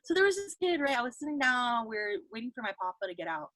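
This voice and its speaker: Chatty high-voiced young woman. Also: sing-song, fast, fairly bright tone, no echo. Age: 20s. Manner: chatty storyteller, lots of fillers. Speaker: radio podcast host. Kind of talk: casual chat.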